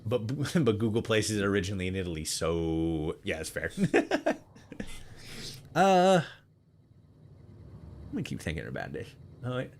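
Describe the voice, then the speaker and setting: A man's voice: low-pitched, sing-song, unhurried, long pauses, darkish tone, slight background noise. Profane young man streaming a game. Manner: loose, profane, laughs often, thinks aloud. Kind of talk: casual gameplay commentary.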